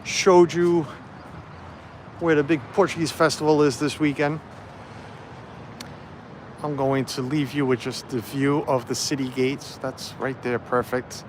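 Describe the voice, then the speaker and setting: A man speaks at medium pitch with fairly even intonation, a measured pace, and long pauses, with a little hiss or hum present. He's a livestream vlogger chatting casually on his phone as he walks an outdoor festival site, camera in hand, rambling with lots of fillers.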